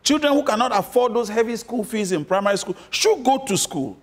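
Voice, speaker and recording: High-voiced emphatic man from Cameroon. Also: lively intonation, a little fast. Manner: emphatic, repeats points, asks rhetorical questions. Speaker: political guest. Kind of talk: interview answers.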